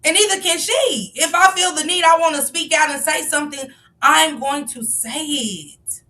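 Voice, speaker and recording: A woman's voice: sits high, normal speed, sharp tone, recorded from a distance. A woman giving passionate live-stream commentary, firing off rhetorical questions and sometimes raising her voice. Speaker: livestream commentator.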